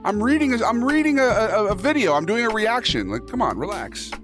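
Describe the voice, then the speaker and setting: A man's voice: sits high, very animated, brisk. A man hosting a casual livestream, reading posts aloud and reacting with jokey, profane banter to his chat. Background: instrumental music playing under the talk.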